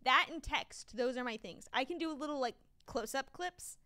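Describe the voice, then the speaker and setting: A woman co-hosting a podcast in casual chat, chatty and quick to laugh, with lots of fillers. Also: sits high, expressive, sharp tone. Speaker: podcast co-host.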